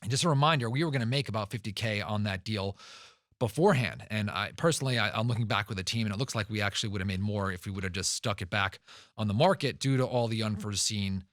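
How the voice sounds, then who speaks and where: A man's voice: lowish voice, quick pace, a bit bright, dry recording, studio quality. A man hosting a podcast who talks emphatically, tells stories and repeats words for stress. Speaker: podcast host and real estate investor. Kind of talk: podcast monologue.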